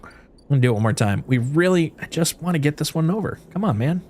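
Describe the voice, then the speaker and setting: A man's voice: on the high side, quick pace. A man streaming a game, chatting animatedly to viewers, swearing and reading the story aloud. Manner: animated, swearing, talks to chat. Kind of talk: gameplay commentary and reading aloud.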